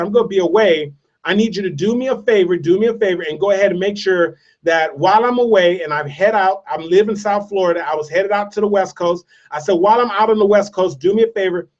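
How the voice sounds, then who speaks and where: Man, motivational speaker, high voice, emphatic repetition, distant dull recording. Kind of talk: motivational speech.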